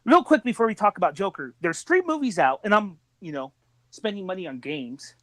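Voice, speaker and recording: A young man with a fairly high voice co-hosts a podcast, chatting in an upbeat, joking way. His voice is close and dry, with no room sound. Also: very animated, fairly quick, fairly bright tone, no echo. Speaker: podcast co-host. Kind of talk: casual chat.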